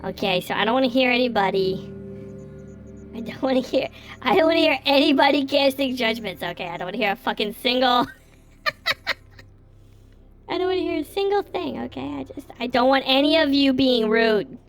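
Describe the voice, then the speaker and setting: A man doing a squeaky foul-mouthed caged pet critter. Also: lively intonation, a little fast, a bit bright, full character voice. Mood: mock stern. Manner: rowdy, profane, hyper streamer banter. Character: crude foul-mouthed small male caged pet creature. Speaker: live streamer. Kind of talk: live stream character bit. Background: faint creepy game music.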